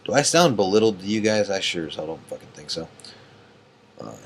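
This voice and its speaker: A man's voice: sits low, sing-song, a little fast, a little hiss or hum. A tired man ranting late at night as an online group admin, angry and profane, rambling with many fillers. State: tired and yawning.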